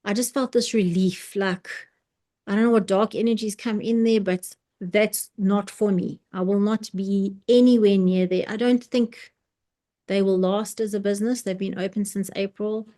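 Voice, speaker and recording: A woman speaks over a video call, recounting a personal conflict to an online circle. Her voice sits at an ordinary middle pitch, and she slips into quoted dialogue, restarting sentences as the story carries her. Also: normal speed. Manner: animated retelling with quoted dialogue, frequent restarts. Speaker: participant in an online sharing circle.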